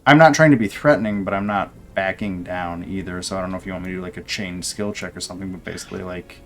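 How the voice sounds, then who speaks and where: Guy at a tabletop game, low voice, rambling and unsure. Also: flat delivery, fast talker, a bit bright. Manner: hesitant, rambling. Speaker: player. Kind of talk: casual talk at a game table.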